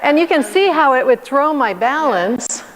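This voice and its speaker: A woman's voice: sits high, lively intonation, moderate pace. A woman teaching a dance lesson, counting beats aloud and coaching patiently step by step. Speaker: dance instructor. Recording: long reverb, faint noise.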